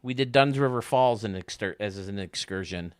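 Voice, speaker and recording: A man's voice: fairly low pitch, fairly quick, clean tone, no room sound. A man streaming a baseball game, rambling and joking casually with his chat. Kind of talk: casual chat while playing.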